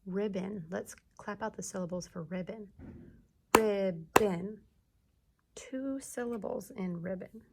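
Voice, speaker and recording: A woman teacher giving a video lesson to young children, sounding out words slowly and clearly. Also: mid-range voice, dark tone, slight background noise. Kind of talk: early-grades classroom video lesson.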